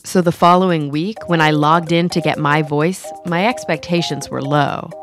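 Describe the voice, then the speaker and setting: Woman narrator, lower register, measured voice-over, music beneath. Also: fairly even intonation. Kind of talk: scripted narration.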